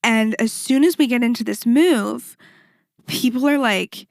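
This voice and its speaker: Animated, profane woman podcaster, higher voice. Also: vocal fry, no echo, studio quality. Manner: animated, profane, rambling with quick asides. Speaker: podcast host and fitness instructor. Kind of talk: casual solo storytelling.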